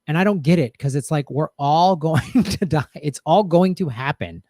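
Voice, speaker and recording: Chatting with his live audience, this host rambles in a loose, reflective way, leaning on fillers and frequently starting over. His fairly high voice is expressive and warm, at a normal speed. The sound is clean studio audio without any room sound.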